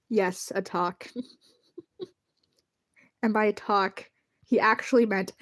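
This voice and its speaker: A woman's voice: mid-range voice, steady tone, slow, long pauses, fairly bright tone. A woman chatting casually on a livestream while drawing, rambling and giggling as she thanks her viewers.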